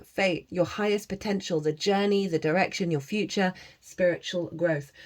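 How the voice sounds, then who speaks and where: Woman tarot reader with chanted interludes. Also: lowish voice. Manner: breaks into chanted made-up syllables; chatty, encouraging, with frequent laughs. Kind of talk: casual tarot reading to camera.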